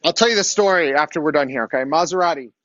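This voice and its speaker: Middle-aged man, chatty lecturer, slightly high voice, checks in with "okay?", dry classroom capture. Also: fast talker, fairly bright tone, no room sound, muffled recording. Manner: chatty storytelling, frequent "okay?" check-ins. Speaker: university lecturer.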